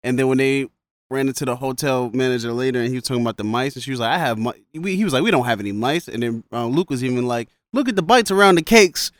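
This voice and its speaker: A man chatting casually about a film, excitable and slangy, often laughing in disbelief. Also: mid-range voice, rapid-fire, no echo, studio quality. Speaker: podcast co-host discussing a film. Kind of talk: casual chat.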